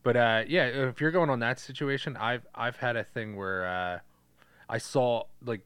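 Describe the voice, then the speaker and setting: Bright-voiced man swearing casually. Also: medium pitch, moderate pace, clean tone, no echo. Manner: laid-back, frequent swearing and "uh" fillers. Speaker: podcast co-host. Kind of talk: casual chat.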